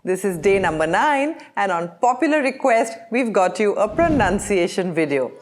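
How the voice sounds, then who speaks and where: A young woman, teaching pronunciation to camera and saying each word slowly and clearly, over and over. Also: medium pitch, very animated, a little hiss or hum. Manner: clear, deliberate modelling of words, repeating each one slowly. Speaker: English teacher.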